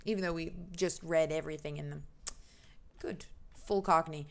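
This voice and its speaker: A woman's voice: low-pitched, fairly even intonation, normal speed, pauses often. A young American woman streaming a game, reading the game's text aloud and chatting in a rambling, self-deprecating way.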